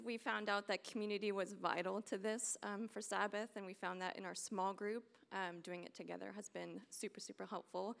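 A young woman from the United States shares a church testimony in an earnest, rambling way, leaning on fillers. Her voice has a gravelly, fry-tinged edge at a middle pitch. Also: flat delivery, fairly quick, hardly any pauses, a bit bright. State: getting emotional. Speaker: church member sharing testimony.

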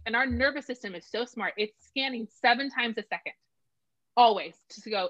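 A woman's voice: on the high side, brisk, no echo. A middle-aged woman in casual conversation, talking animatedly and acting out quoted voices. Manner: animated, acts out voices when quoting. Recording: dull lo-fi sound.

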